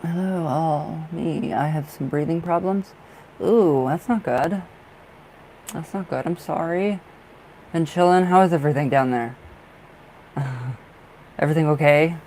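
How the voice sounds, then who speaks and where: A man's voice: on the high side, moderate pace, pauses often, darkish tone, slight background noise, low-quality recording. A young man doing tarot readings on a live stream, chatting casually with viewers, often apologizing and laughing. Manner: chatty, easily distracted, frequent apologies and laughs. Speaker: livestream tarot reader. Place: dark room at home.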